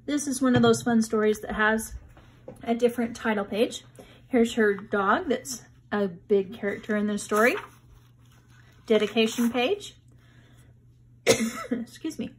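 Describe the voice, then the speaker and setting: A woman teaching a children's reading lesson, talking slowly and patiently to young kids as she reviews words and walks through a picture book. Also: fairly high pitch, a little hiss or hum. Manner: slow, patient, friendly teacher talk to children.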